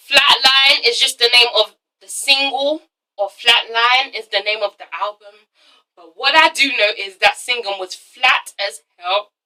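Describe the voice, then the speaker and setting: A woman's voice: high voice, sharp tone, recorded from a distance, low-quality recording. A young woman hosting a casual TV review vlog, rambling and blunt, with a habit of ending lines with a questioning "okay?". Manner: rambling, keeps tagging sentences with a questioning "okay?". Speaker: TV review vlogger.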